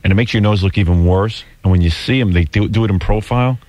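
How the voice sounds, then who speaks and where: A man's voice: fairly low pitch, fast talker, darkish tone, no room sound. A man in his forties hosting a radio talk show, telling rambling, self-deprecating stories in casual chat. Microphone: studio microphone.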